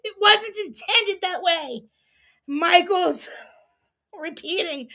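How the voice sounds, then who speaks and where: A woman hosting a casual livestream recap, reading quotes aloud with animated emphasis and laughing often. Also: extremely high pitch, slow pace, long pauses. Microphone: streaming setup mic.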